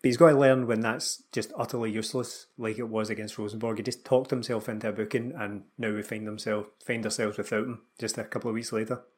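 A man's voice: on the low side, level tone, fast talker, hardly any pauses, slightly rough. A Scottish man co-hosting a football podcast, chatting casually with dry, wry humour. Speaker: podcast co-host.

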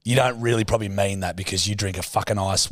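A man's voice: fairly low pitch, steady tone, fast talker, no room sound, studio quality. A man co-hosting a podcast, bantering crudely, teasing, and laughing a lot. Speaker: podcast co-host. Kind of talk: casual banter.

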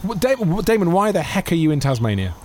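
A man co-hosting a podcast, joking quickly and taking calls from listeners. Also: on the high side, big pitch swings, slight background noise. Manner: quick, jokey, talks over callers. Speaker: podcast co-host. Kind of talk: casual chat.

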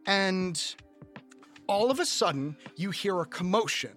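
Man, game master, rambling tabletop narration, a touch high-pitched, faint music behind. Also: animated, unhurried, a bit bright. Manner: rambling, loose narration full of fillers.

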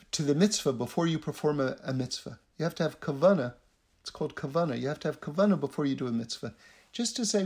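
A man telling a story in a lively way, acting out the voices of the people in it and laughing between lines. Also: fairly high pitch. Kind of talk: animated storytelling talk.

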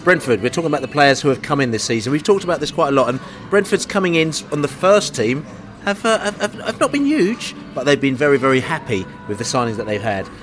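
A man's voice: medium pitch, lively intonation, fast talker, a bit bright. A man with a London accent hosting a casual football podcast in a pub, chatty and rambling, joking as he goes. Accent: London English. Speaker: podcast host.

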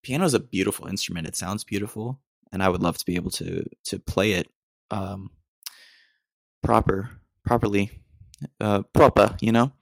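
A man's voice: low-pitched, moderate pace, gravelly, dry recording, studio quality. A young American man hosting a casual solo podcast, rambling in a self-deprecating way with lots of ums and restarts. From United States. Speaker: podcast host.

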